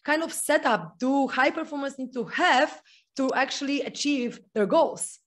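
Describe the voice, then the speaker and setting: A woman hosting an interview, telling a story in an excitable way and laughing often. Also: high-pitched, unhurried. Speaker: podcast host. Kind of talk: casual interview chat.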